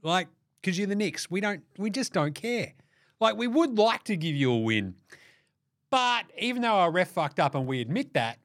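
A man's voice: a little high, dry recording, studio quality. A man hosting a solo basketball podcast, sarcastic and profane as he riffs on the day's games. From Australia. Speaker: podcast host. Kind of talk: solo sports podcast rant.

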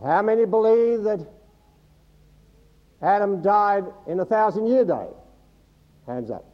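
A man preaching to a church congregation in a fairly high voice, teaching scripture and quizzing the listeners. He mixes the teaching with light, humorous asides. The recording sounds muffled and lo-fi. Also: lively intonation, slow. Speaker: pastor. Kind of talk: sermon. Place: church service before a congregation.

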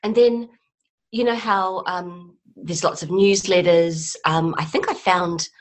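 A middle-aged comedy writer from New Zealand, her accent softened by years in England, chats casually as a guest on a podcast interview. Her voice sits on the low side, steady and slow, and she rambles in a self-deprecating way with many fillers.

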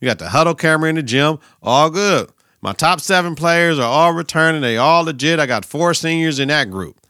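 A man's voice: a little high, fairly quick, clean tone, no room sound, clean studio sound. A young adult man hosting a casual solo sports podcast, cursing freely as he riffs in slang about games and his work as a teacher and coach. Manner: profane, slangy, animated riffing.

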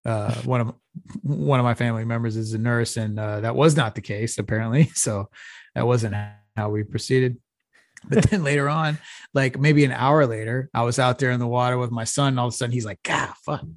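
A man's voice: mid-range voice, fairly quick, no echo. Middle-aged texas guy cussing his way through a story on a podcast, dry close mic. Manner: profane, laid-back storytelling with frequent laughs. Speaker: podcast co-host. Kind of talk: casual storytelling chat.

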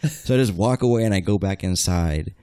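A man's voice: deep voice, brisk, dark tone, dry recording. A young man on a casual podcast, telling a crude story with lots of swearing and acting out the quoted lines.

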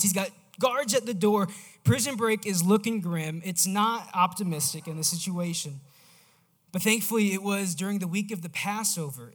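A man preaching a sermon in a casual, animated storytelling manner. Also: high voice.

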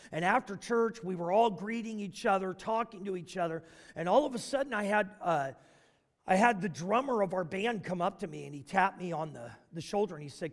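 A male pastor delivering a sermon, moving between loud, emphatic preaching and hushed, intimate storytelling. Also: high-pitched, long reverb tail.

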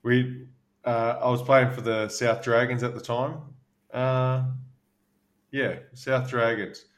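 An Australian man from Western Australia, a former basketball player co-hosting a podcast, telling stories in a relaxed, chatty way with plenty of fillers. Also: mid-range voice, slow pace. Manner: relaxed anecdotal, frequent fillers. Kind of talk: casual storytelling chat.

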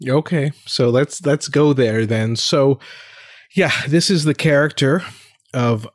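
A middle-aged man with a voice of average pitch talks in a thoughtful, questioning way, often restarting as he works out what to say. He sounds dry and close to the mic. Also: unhurried, dry recording. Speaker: podcast co-host. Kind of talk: casual discussion.

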